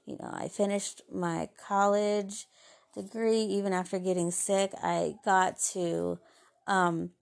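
A woman with a gravelly edge to her voice speaks in an earnest, heartfelt way as a podcast host. She offers faith-based encouragement and often drops into soft, gentle asides. Her pitch sits in an ordinary middle range. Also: little pitch movement, slow. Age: adult mother.

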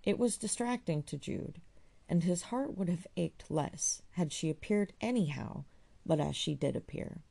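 A woman narrating a classic novel in a measured, expressive reading voice. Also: sits low, creaky. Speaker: audiobook reader.

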